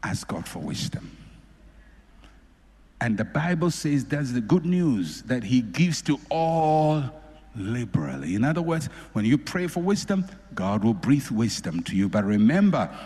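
A man preaching a sermon, repeating phrases for emphasis and swinging between loud and soft. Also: mid-range voice, big pitch swings, unhurried, breathy edge. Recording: echoey hall with long reverb.

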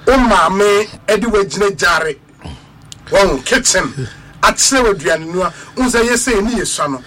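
A man's voice: high voice, expressive, moderate pace, fairly bright tone. A man co-hosting a casual radio chat, agreeable and mixing languages.

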